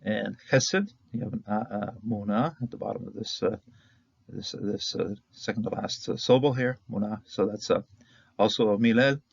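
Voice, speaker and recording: Man, gravelly low voice, informal grammar lecturer who chuckles and checks in often; dry, dull-sounding recording. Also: moderate pace, no echo. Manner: chatty, with chuckles and frequent "uh" and "okay?". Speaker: Hebrew grammar teacher.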